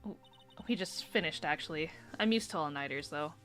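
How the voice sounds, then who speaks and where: A woman's voice: sits low, brisk, fairly bright tone, soft background music. Brief: nervous young defense lawyer, stammering; a woman reads him. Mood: unsure. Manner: hesitant, stammering.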